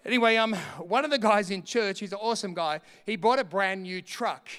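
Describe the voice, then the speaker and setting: Middle-aged male preacher, bright and clean, impassioned, in a reverberant hall. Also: high voice, a little fast, smooth. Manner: impassioned preaching that swells to shouts between quieter storytelling. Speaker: pastor. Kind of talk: sermon.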